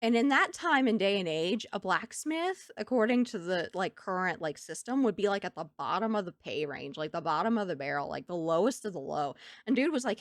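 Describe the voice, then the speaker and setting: A woman streamer in casual chat from home, animated and laughing often between thoughts. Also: lowish voice, a little fast, hardly any pauses, no room sound, studio quality. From United States.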